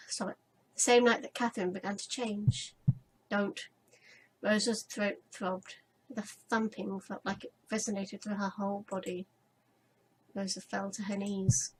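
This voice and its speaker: A woman's voice: medium pitch, level tone, a little slow, long pauses, slight background noise, rough recording. A woman playing through a visual novel, reading the narration and journal entries aloud dramatically and breaking off for casual chat. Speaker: let's play gamer.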